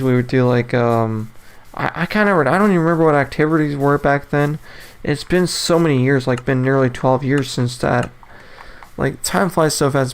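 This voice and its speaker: A man in his twenties hosting a solo podcast, talking casually and rambling, often repeating and restarting his phrases. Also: medium pitch. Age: 20s. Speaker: podcast host.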